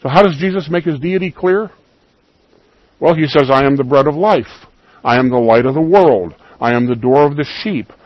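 A man preaching a sermon, emphatic, rising loud on key lines and dropping to soft asides. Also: on the high side, moderate pace, no echo, muffled recording.

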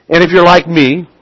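A man's voice: a little high, dry recording. Male pastor, sermon delivery, self-deprecating humor, dry close sound. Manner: prays softly, then preaches with humor. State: dyslexic, stumbles over names.

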